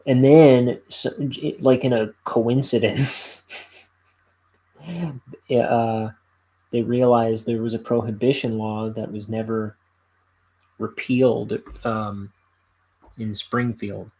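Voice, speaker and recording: A young man hosting a solo podcast, chatting casually in a halting, rambling way full of fillers. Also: mid-range voice, steady tone, mellow, rough recording. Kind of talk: casual chat.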